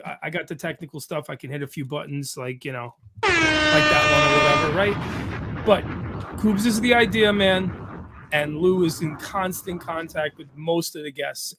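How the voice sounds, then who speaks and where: A man's voice: fairly high pitch, bright, forceful tone. A man co-hosting a podcast, handling the tech side, laid-back and self-deprecating in casual chat. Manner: laid-back, quick to laugh, modest.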